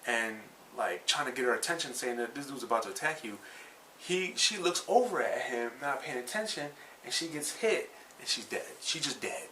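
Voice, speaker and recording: A man's voice: medium pitch, expressive, moderate pace, bright, forceful tone. A man recapping anime episodes in a casual, rambling way, swearing freely and correcting himself as he goes. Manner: rambling and profane, with many fillers and self-corrections. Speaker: anime reviewer. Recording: slightly distant mic with faint background noise.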